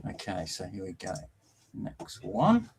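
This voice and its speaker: A male podcast host who keeps the chat rolling with lots of laughter and a self-deprecating edge. His voice moves a lot in pitch. A faint hiss runs behind him. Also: wildly swooping pitch, slow pace, creaky, darkish tone, low-quality recording.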